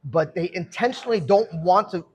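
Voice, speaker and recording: A middle-aged man telling stories from his own past in a casual, animated way, often laughing as he talks. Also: sits high, fairly quick, a little hiss or hum. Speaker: guest speaker telling his life story. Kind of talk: casual storytelling talk.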